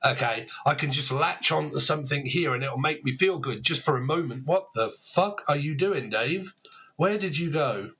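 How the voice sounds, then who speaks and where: A man's voice: a little high, normal speed, pushed and bright, slightly rough. A man giving a casual tarot reading to camera, rambling, swearing freely and laughing at himself. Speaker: tarot reader.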